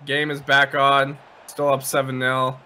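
A man with a Canadian accent giving relaxed, analytical commentary on an online football video game match. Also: mid-range voice, unhurried. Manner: relaxed, agreeable, analytical about play. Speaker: esports commentator.

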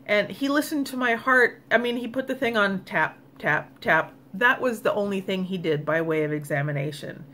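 Speaking straight to her camera audience, a middle-aged woman vlogs casually, sounding frank and exasperated. Her mid-range voice is pushed and bright, moving at a moderate pace with few pauses over slight background noise.

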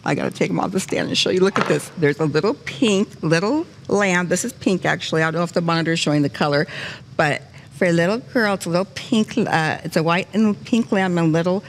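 An older woman hosting a Christian talk show, alternating an earnest preaching cadence with gushing, animated storytelling in a studio. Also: on the low side, fast talker, a little hiss or hum. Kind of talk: faith talk show fundraising appeal.

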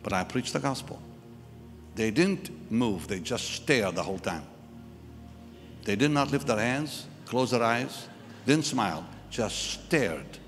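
A man's voice: mid-range voice, slow. An older man preaches a storytelling sermon at a live church service, mimicking the people in his story with lifts and drops of his voice. His voice sits in a middle register. A long hall reverb surrounds him, with faint music underneath. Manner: animated storyteller acting out quoted voices.

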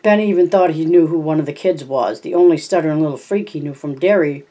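A woman reading a novel aloud in a steady, plain narrating manner, with small slips now and then. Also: low voice, fast. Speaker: audiobook reader.

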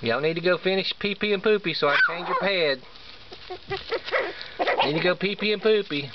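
A man's voice: high-pitched, normal speed. A man with an East Tennessee Southern accent, a dog breeder filming and talking to puppies in coaxing, sing-song baby talk, repeating himself. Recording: dull lo-fi home video with clear background noise.

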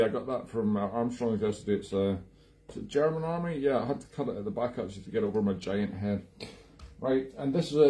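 A man's voice: a little high, mellow, natural voice. A man playing a blustering middle-aged Welsh army sergeant major with a put-on Welsh accent, rambling and self-mocking on a live music stream. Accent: mock Welsh. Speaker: musician host.

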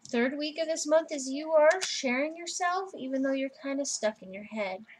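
A woman with a slightly high voice giving a personal tarot reading. She talks casually and bluntly, cursing freely as she goes through the cards. A faint hum sits behind her. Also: normal speed, rough recording. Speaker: tarot reader.

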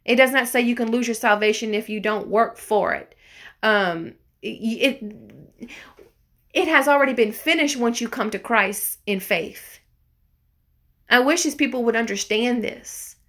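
A woman's voice: fairly high pitch, measured pace, a bit bright. A woman giving an informal Bible study, reading verses aloud and explaining them in earnest, emphatic asides. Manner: reads scripture aloud, then explains in casual asides. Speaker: Bible teacher.

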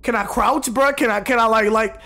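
High-voiced excitable gamer man. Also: normal speed. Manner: excitable, profane, talks to the game and chat. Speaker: gaming streamer. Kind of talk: live gameplay commentary. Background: game music.

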